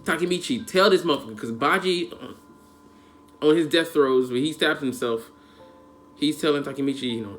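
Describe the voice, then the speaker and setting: A man's voice: a little high, normal speed, fairly bright tone. A man giving a casual, emotional anime episode review, rambling in heavy slang with lots of fillers. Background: faint background music.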